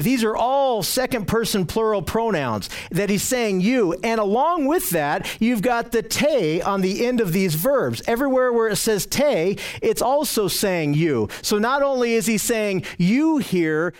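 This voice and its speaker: A man's voice: high-pitched, expressive, moderate pace, hardly any pauses. A man teaching a verse-by-verse sermon as a pastor, reading scripture aloud and explaining it with repeated emphasis. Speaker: pastor teaching a Bible study. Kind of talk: expository sermon. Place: church with slides on a screen.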